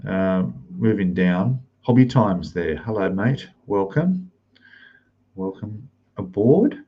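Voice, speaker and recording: A man's voice: low voice, animated, slow, slightly rough, lo-fi sound. An Australian man hosting a live stream, greeting chat viewers one by one and keeping his voice down in a rented room. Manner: speaking softly, keeping voice down.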